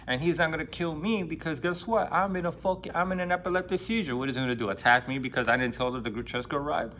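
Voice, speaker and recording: A man casually retelling a novel, swearing freely and acting out characters' lines with excitement. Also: medium pitch, fast, slight background noise. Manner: profane, excitable, acts out quoted lines in a raised voice. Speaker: book vlogger.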